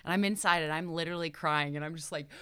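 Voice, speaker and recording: A young woman, a guest on an interview, telling a story with lively, expressive delivery and acted-out quotes. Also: low voice, fast talker, clean tone. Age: young adult. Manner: expressive, acts out quotes with big jumps in loudness. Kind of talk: animated storytelling.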